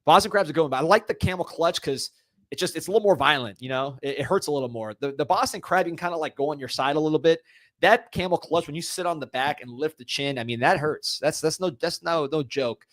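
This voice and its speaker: A man's voice: fairly high pitch, fast, no room sound, clean studio sound. Joking, rambling male podcast co-host. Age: 30s or older. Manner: joking, rambling, laughs often. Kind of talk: casual sports podcast chat.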